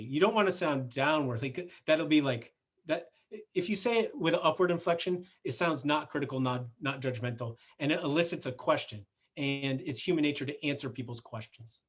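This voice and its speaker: A man's voice: on the high side, highs cut off. A middle-aged man giving a conference talk in a conversational way, with fillers and self-corrections. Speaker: conference speaker. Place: conference hall.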